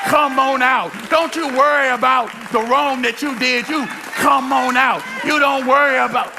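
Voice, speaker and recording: A man preaching an energetic sermon at a church service. He shouts, stretches his words for emphasis and speaks straight to the congregation. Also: very high-pitched, normal speed, a crowd in the background, noisy background. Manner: addresses the congregation directly. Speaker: pastor.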